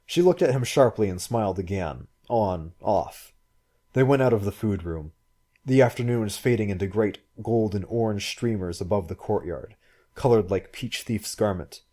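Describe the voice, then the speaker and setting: A man reading a science fiction story aloud in a measured, even way. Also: lowish voice. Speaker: audiobook reader. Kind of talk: scripted narration.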